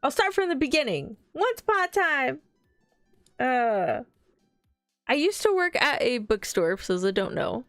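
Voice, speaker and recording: A woman's voice: fairly high pitch, sing-song, moderate pace, dry recording, studio quality, soft background music. A woman in her twenties streaming, chatting casually with viewers and telling stories in a bubbly way. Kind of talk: casual livestream chat.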